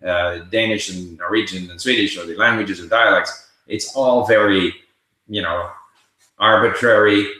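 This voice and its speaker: Older male host answering viewer questions live; forceful, bright tone. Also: lowish voice, steady tone, moderate pace. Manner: reads viewer questions aloud and answers conversationally. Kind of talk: casual livestream Q&A. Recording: very echoey room.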